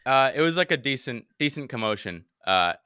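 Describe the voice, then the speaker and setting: Bright, dry-voiced young man telling a story. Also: mid-range voice, a little fast, clear, resonant tone, no room sound. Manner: animated, swears often, acts out his own panicked quotes. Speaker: podcast host telling a story. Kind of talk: casual storytelling chat.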